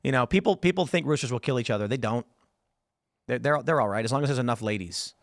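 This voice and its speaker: A man hosting a casual panel talk show, telling stories in an animated way and reading viewer comments aloud. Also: medium pitch, fast talker, dry recording, clean studio sound. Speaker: show host.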